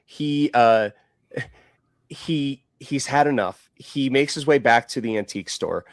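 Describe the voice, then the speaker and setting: A man's voice: medium pitch, measured pace, no room sound, clean studio sound. Man casually recapping a horror movie. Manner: rambling, lots of fillers and acted quotes. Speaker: podcast co-host.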